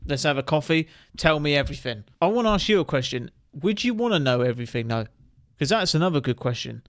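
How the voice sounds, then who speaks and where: A man's voice: fairly high pitch, sing-song, fast talker, no room sound, studio quality. A man hosting, chatting playfully to the viewer and asking them questions. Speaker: host. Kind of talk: casual chat to camera.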